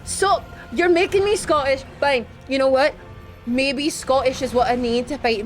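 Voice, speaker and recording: A woman's voice: high-pitched, normal speed, faint music behind. A woman streaming a video game, chatting casually with her audience and playfully protesting their teasing. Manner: playful, protests teasing from chat with mock indignation. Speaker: VTuber streamer. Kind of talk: casual gaming stream chat.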